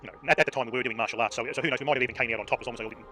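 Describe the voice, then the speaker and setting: A man's voice: medium pitch, steady tone, racing, bright, forceful tone. An Australian man telling a casual story while streaming a game. He rambles, swears freely and leans on fillers. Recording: game music playing underneath. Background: game music.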